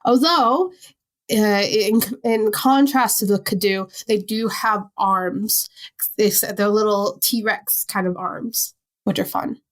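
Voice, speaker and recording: A woman with a Long Island New York accent, co-hosting a casual podcast chat in an animated, chatty way. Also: mid-range voice, slow pace. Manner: chatty, animated, laughs easily. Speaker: podcast co-host.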